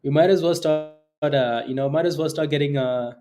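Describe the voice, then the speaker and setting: A man hosting a live trading stream, chatting casually with viewers, repeating phrases and filling gaps with ums and quick laughs. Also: on the high side. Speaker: stock trading livestream host. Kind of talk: casual live commentary answering chat.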